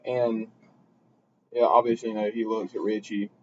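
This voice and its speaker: A young man co-hosting a podcast, talking in a quiet, laid-back casual way. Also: on the low side, little pitch movement, moderate pace. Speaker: podcast co-host. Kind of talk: casual chat. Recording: dull lo-fi sound with faint noise.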